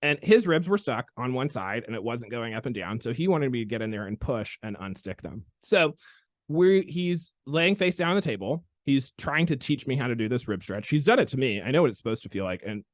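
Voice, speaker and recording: Chiro podcast guy telling a story, really animated, normal pitch, dry close sound. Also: fairly quick, no room sound. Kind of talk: casual storytelling chat.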